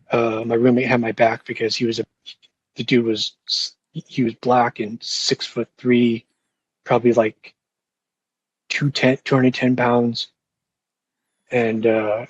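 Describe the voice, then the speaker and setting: Husky young man, flat monotone delivery, casual swearing storyteller, dull lo-fi sound. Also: medium pitch, no echo. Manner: rambling, profane, with fillers and restarts. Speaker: podcast host.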